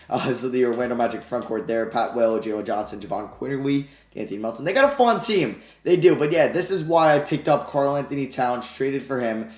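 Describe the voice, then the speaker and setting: Guy doing casual game commentary, gets loud and hyped then drops to muttering, kinda echoey room. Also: medium pitch. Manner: excitable, shouts at wins, then mutters and grumbles. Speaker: gaming YouTuber.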